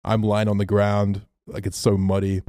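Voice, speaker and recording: Man, podcast co-host, low mellow voice, casual sweary storyteller. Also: moderate pace, no room sound, studio quality. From Australia. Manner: animated storyteller, swears freely, acts out quotes.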